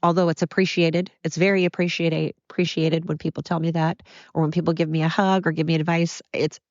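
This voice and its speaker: Speaking briskly in a low-pitched, darkish voice with a flat delivery, a middle-aged woman hosts a confessional solo podcast from home. She rambles, apologizes, and shows her emotions openly while discussing her struggles. There's no room sound, and the highs are cut off.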